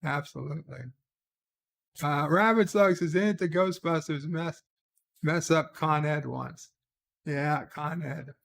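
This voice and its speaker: A man's voice: on the high side, slow, creaky, long pauses, a bit bright. A man hosting a casual livestream, reading viewer comments aloud and answering each with short asides. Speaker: livestream host.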